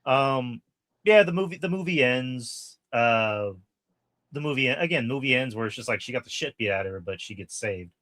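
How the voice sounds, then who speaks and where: At a normal speed and medium pitch, a man co-hosts a podcast reviewing a horror film. The recording has no echo, and the casual chat is animated and full of swearing, with him acting out movie lines.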